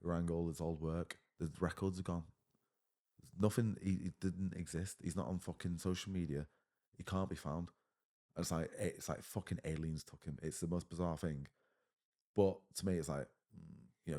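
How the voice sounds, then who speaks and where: A man's voice: low voice, steady tone, a little fast, warm tone. A man in his thirties with an English accent, talking bluntly as a podcast guest, swearing often and saying mate a lot. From England. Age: 30s. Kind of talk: casual conversation.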